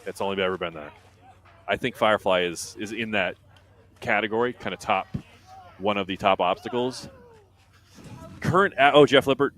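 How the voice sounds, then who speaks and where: Male live race commentator, somewhat low voice, relaxed chatty delivery. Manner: chatty, reads out standings and viewer comments. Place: commentary booth at an outdoor race event.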